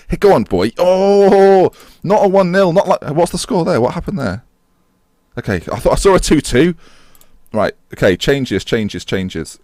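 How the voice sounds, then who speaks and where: A young man excitedly commentating on a football management game as he plays, cheering at goals and laughing at the screen. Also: medium pitch, no echo. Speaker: gaming YouTuber and streamer.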